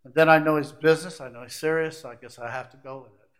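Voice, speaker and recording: A middle-aged pastor preaching a sermon, rising to loud climaxes and dropping to quiet, intimate asides. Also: male voice, fairly high pitch, fairly even intonation, fast.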